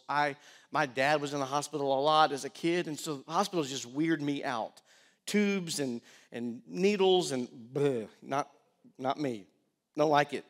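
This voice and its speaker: A middle-aged man preaching a sermon as pastor, moving between loud pleading and quiet, personal storytelling. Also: mid-range voice.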